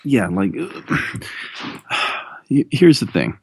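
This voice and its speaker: A man's voice: mid-range voice, big pitch swings, very slow, vocal fry, breathy edge, no echo. A man co-hosting a podcast, chatting casually and readily agreeing with his partner. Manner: agreeable, chuckling along. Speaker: podcast co-host.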